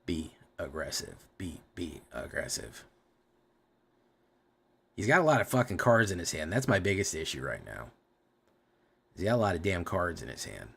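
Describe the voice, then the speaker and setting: A man's voice: low-pitched, big pitch swings, fairly quick, gravelly, a bit bright, breathy edge. A man streaming a card game, thinking aloud about his plays and swearing at his bad draws. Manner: profane, exasperated running commentary on his own plays. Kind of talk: casual live gameplay commentary.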